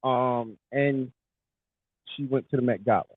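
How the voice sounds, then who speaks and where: A man's voice: mid-range voice, measured pace, no echo. Hyped man co-host, tinny phone-like sound. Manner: hyped, emphatic. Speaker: podcast co-host. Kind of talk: casual podcast chat.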